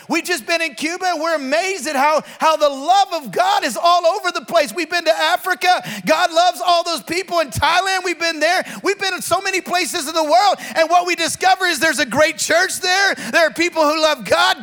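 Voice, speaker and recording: A man preaching as a pastor, swinging from slow, drawn-out emphasis to sudden shouts and calling on the congregation to respond. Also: extremely high pitch. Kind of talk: sermon.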